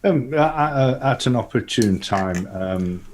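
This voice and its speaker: A man's voice: mid-range voice, lively intonation, takes it slowly. A man playing a tabletop game, hesitant and full of restarts, with a faint hiss behind. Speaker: player.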